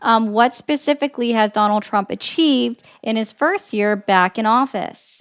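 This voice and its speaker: A woman's voice: a little high, normal speed, smooth. A woman hosting a political call-in livestream, sarcastic and pointed, pressing callers with repeated questions. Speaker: livestream host taking calls.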